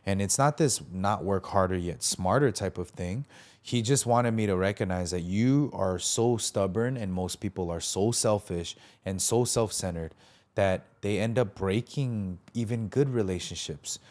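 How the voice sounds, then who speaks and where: A man with a lowish voice tells his story in a relaxed interview. He is earnest and reflective, and he brings past dialogue to life with animated retelling. He speaks as a preacher looking back. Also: unhurried. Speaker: preacher and podcast guest.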